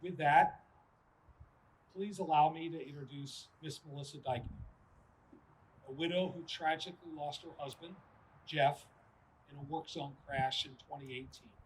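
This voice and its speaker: A man delivering solemn, measured prepared remarks at a memorial dedication. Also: fairly high pitch, steady tone, slight background noise, low-quality recording. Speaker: official giving dedication remarks. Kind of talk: formal prepared speech.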